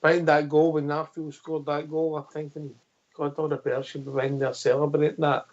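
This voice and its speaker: A man's voice: fairly high pitch, completely flat delivery, a little fast, lo-fi sound. A man hosting a radio call-in show, chatting with callers in friendly banter. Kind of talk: casual call-in chat.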